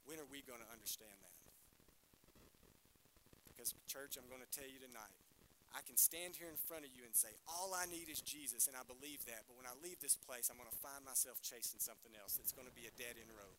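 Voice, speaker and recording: A man's voice: medium pitch, brisk, noisy background. A male pastor, preaching a sermon in a church and asking the congregation questions. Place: church hall.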